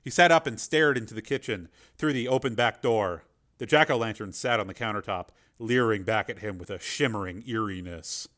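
A man reading a story aloud in a measured, expressive way. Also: fairly low pitch. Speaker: audiobook narrator. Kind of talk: scripted narration.

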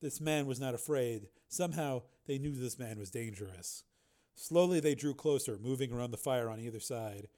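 A man reading a science fiction audiobook aloud, steady and even, now and then correcting a slip. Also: medium pitch, normal speed. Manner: steady storytelling with occasional slips and self-corrections. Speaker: narrator. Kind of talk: audiobook narration.

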